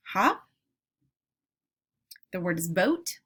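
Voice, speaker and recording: A woman teacher leading a phonics lesson for young children, modeling each word slowly and deliberately. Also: lowish voice, big pitch swings, a bit bright, breathy edge.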